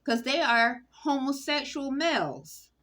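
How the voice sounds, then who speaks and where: A woman talking straight to camera in a rambling, halting monologue full of fillers and restarts. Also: sits high, lively intonation, a bit bright. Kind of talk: casual spoken monologue.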